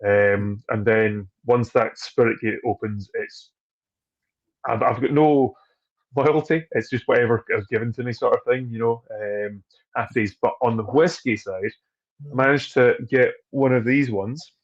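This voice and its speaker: A man's voice: medium pitch, unhurried, dull audio. A man, a distillery trade guest chatting casually on a video call, talking freely with restarts and frequent laughs. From Scotland.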